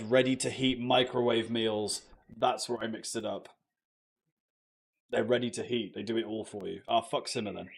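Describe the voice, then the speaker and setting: A young British man chatting casually on a live stream, joking with viewers and swearing freely. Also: medium pitch. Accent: British English. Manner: swears a lot, loose and joking, talks to chat.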